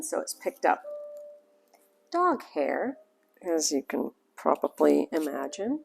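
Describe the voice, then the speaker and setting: A woman's voice: on the low side, gravelly. A woman with a Southern US accent, chatting her way through a step-by-step sewing tutorial in a folksy manner. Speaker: sewing hobbyist.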